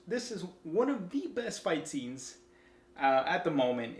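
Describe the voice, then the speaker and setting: A man giving an enthusiastic, rambling casual film review, full of fillers and restarts. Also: on the high side. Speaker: movie reviewer. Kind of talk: casual spoken movie review. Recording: echoey room.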